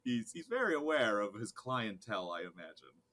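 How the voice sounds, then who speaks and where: A man co-hosting a horror film podcast, animated and laughing as he recaps scenes. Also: on the low side, moderate pace. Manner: animated, laughing, does voices. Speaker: podcast co-host. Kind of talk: casual chat.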